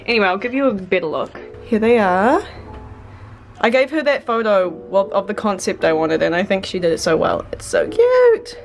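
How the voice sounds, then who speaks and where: A woman's voice: mid-range voice, fairly quick, soft background music. A woman of about twenty chatting casually to her camera in a vlog, rambling and self-deprecating. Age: 20s. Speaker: vlogger.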